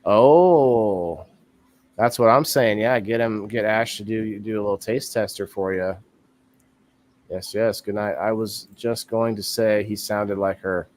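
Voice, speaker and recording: A man's voice: lowish voice, steady tone, a little slow, a little mellow, a little hiss or hum. A man in his thirties hosting a live-stream talk show in casual chat, rambling and thinking aloud with easy laughs.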